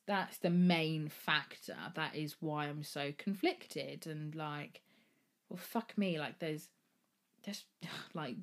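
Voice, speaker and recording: A woman hosting a solo podcast, talking candidly and rambling, swearing freely as she goes. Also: low voice. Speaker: podcast host.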